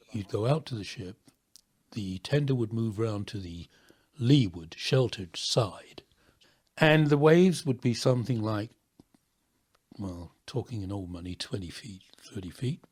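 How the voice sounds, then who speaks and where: A man, a former pirate radio DJ, telling stories of his days on the ship with lively laughs and hushed moments. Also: fairly low pitch, a little slow, breathy edge. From England. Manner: animated storytelling with laughs, drops to near whisper. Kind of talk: reminiscing interview.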